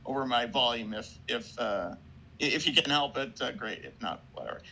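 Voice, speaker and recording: A man co-hosting a casual sports chat from a live newsroom, making quick, offhand remarks. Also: medium pitch, animated, pushed and bright, a little hiss or hum, rough recording. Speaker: sports podcast co-host. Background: newsroom background sounds.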